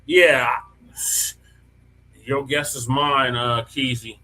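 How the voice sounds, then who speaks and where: A man's voice: medium pitch, fairly even intonation, extremely slow, sharp tone, a little hiss or hum. A man co-hosting a casual panel talk show, mostly chiming in with short agreements. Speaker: podcast co-host.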